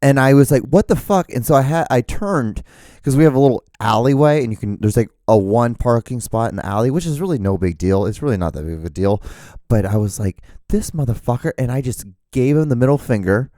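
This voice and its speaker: A man's voice: medium pitch, lively intonation, a little fast, mellow, dry recording, clean studio sound. A man in his thirties hosting a solo podcast, rambling and profane, self-mocking, with lots of fillers and restarts. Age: 30s. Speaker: podcast host.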